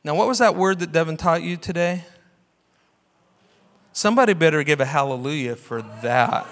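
A man's voice: a little high, bright, forceful tone. A man preaching a sermon as pastor, passionate and full of rhetorical questions. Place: church sanctuary. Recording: long hall reverb.

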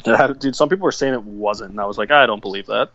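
A man's voice: fairly low pitch, fast, a bit bright, no room sound. Laid-back guy on a muffled call. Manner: laid-back, swears, mocking impressions. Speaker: podcast co-host. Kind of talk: casual chat. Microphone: remote call.

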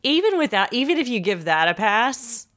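A woman co-hosting a casual chat, reacting bluntly and quickly. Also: a little high, sing-song, fairly bright tone.

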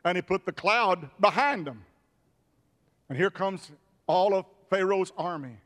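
A pastor preaching a sermon with emphatic repetitions. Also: male voice, sits high, lively intonation, measured pace, fairly bright tone, long reverb tail.

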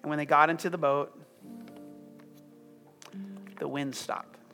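A man preaching a sermon to a congregation, firing off emphatic questions and then dropping into soft, hushed prayer. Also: a little high, level tone, takes it slowly, gravelly. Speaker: pastor. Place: church room with congregation. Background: soft music.

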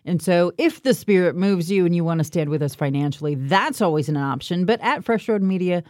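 A woman's voice: fairly low pitch, a little mellow, dry recording. A woman co-hosting a casual Christian talk show, playful and teasing with her co-host, speaking into a studio microphone. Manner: playful, teasing, quick to laugh along. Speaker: podcast co-host. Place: podcast studio.

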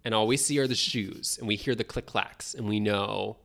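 A man co-hosting a podcast in casual chat, animated, laughing often and acting out what others said. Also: lowish voice, moderate pace, creaky. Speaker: podcast co-host.

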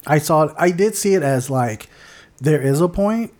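A man's voice: on the high side, lively intonation, normal speed, darkish tone. A man co-hosting a casual movie-review podcast, rambling and searching for words as he talks, with the odd swear. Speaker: podcast co-host.

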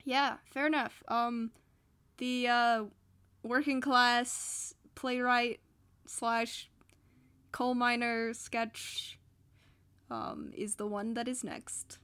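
A woman talks casually as a podcast co-host. She rambles, hedging with fillers and restarting her sentences. Her voice sits on the higher side. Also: level tone, very slow, long pauses, bright, forceful tone, smooth. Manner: rambling, hesitant, many fillers. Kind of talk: casual chat.

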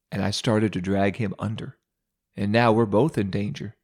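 A man hosting a radio devotional, telling a humorous, self-mocking story with dramatic pauses. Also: on the low side, steady tone, a little mellow, husky.

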